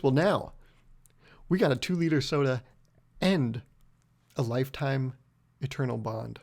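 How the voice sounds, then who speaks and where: Gravelly young man rambling on a podcast. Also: medium pitch, slow, long pauses, a little mellow. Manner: rambling, profane, self-mocking storytelling. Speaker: podcast host. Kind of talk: casual solo podcast monologue.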